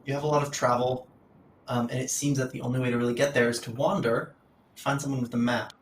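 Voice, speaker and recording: A man's voice: medium pitch, fairly even intonation, quick pace, slight background noise. A man narrating as game master of a tabletop game, in a loose, rambling way with fillers. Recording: roomy sound from a distant mic.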